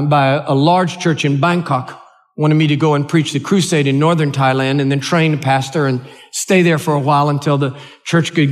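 An older man with an American accent, preaching a sermon and telling a personal story in an earnest, halting way, often restarting his words. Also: a little high. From United States. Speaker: pastor.

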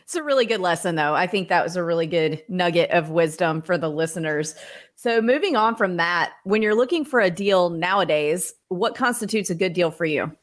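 A woman's voice: fairly low pitch, lively intonation, a little fast. A woman hosting a podcast interview, talking candidly and reflectively with hesitant restarts. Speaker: podcast host. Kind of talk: casual interview.

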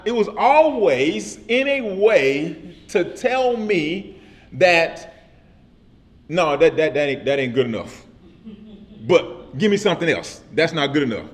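Casting: male pastor with a high voice, casual vernacular, repetitive call-and-response sermon delivery. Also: animated, normal speed. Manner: repetitive call-and-response preaching with frequent "amen?".

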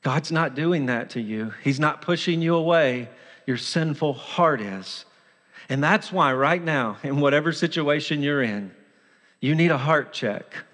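A man's voice: fairly high pitch, animated, measured pace, a bit bright. A man preaching a sermon as pastor, earnest and urgent, acting out the voice of sin in short quoted lines. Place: church sanctuary. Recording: long church hall reverb.

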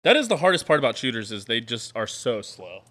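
A man's voice: mid-range voice, sing-song, fairly quick, fairly bright tone. A young man co-hosting a casual podcast stream, rambling and laughing often as he chats with friends. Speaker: podcast co-host. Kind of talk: casual chat.

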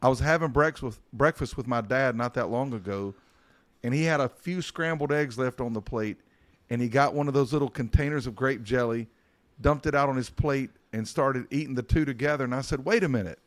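A man, a pastor co-hosting a podcast, telling a story in a calm, measured way. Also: mid-range voice. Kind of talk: casual chat.

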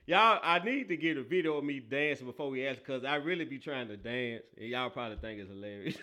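A hoarse man hosting a casual football talk show, loud and excitable, talking in slang. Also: mid-range voice, fast talker, hardly any pauses. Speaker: sports talk show host.

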